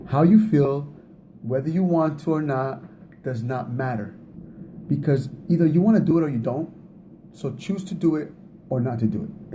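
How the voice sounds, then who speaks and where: Conversational man with a very dark voice. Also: on the high side, normal speed, a little hiss or hum. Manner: conversational, repeats words, laughs at himself. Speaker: speaker teaching on relationships. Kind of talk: casual teaching talk.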